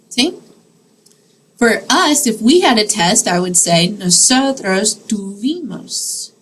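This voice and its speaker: A woman's voice: a little high, big pitch swings, takes it slowly, a little hiss or hum, rough recording. A woman teaching a Spanish grammar lesson in a classroom, explaining patiently step by step and checking in with her students.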